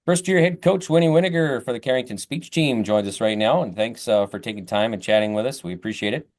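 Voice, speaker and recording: A man's voice: medium pitch, quick pace, a little mellow. A man hosting a local interview in a folksy way, with many fillers. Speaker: radio host. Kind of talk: interviewing students.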